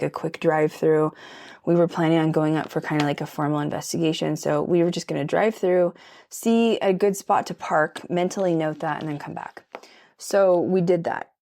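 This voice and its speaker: A woman's voice: low voice, darkish tone. A young woman vlogger telling a ghost story in a chatty, emphatic way, full of "like" and "okay?" asides. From Colorado. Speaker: paranormal vlogger. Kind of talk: casual storytelling while doing makeup.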